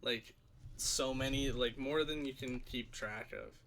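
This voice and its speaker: A man's voice: mid-range voice, fairly even intonation, a little slow, a bit bright, a little hiss or hum. A man co-hosting a stream, chatting casually in a laid-back way, full of bro and like. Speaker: co-host. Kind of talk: casual chat.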